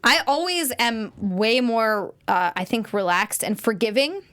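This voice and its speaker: A woman's voice: a little high, animated, fairly bright tone. A young woman co-hosting a TV after-show, chatting casually and laughing easily, with many "like"s. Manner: chatty, quick to laugh, frequent "like". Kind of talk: casual chat.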